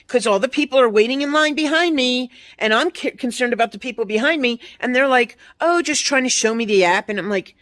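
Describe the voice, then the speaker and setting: A woman's voice: a little high, fairly quick, hardly any pauses, fairly bright tone. A woman in her fifties ranting bluntly and profanely to her viewers, mocking other people's replies in quoted voices. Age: 50s. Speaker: vlogger. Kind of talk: ranting monologue to camera.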